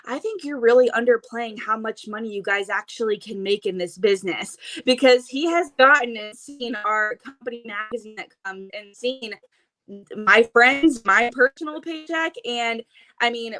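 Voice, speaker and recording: A young woman on a video call at home, out of breath and talking fast and excitedly. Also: fairly high pitch. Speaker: host of a live sales event. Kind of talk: casual live video chat.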